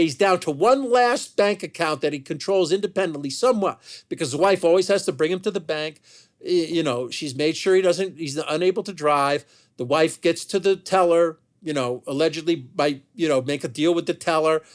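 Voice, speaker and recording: A man telling a family story in an unscripted monologue, heated and animated, with many restarts and asides. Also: fairly high pitch, normal speed.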